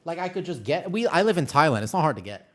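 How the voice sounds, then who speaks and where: A man streaming a game, chatting casually with his viewers in quick, jumpy banter. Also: on the high side. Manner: animated, jumpy banter with chat. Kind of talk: casual chat while gaming.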